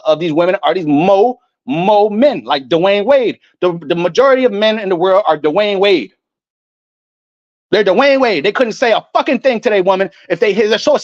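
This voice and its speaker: Man with a high-pitched voice ranting like a street preacher, heated and profane, on a muffled, dry recording. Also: dry recording. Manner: angry, profane, preachy, quotes scripture. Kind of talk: ranting religious monologue.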